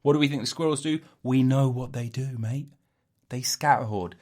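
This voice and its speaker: With a medium-pitched, darkish voice at a moderate pace, a man runs a solo comedy podcast. His style is jokey and rambling, full of self-interruptions and laughter at his own jokes.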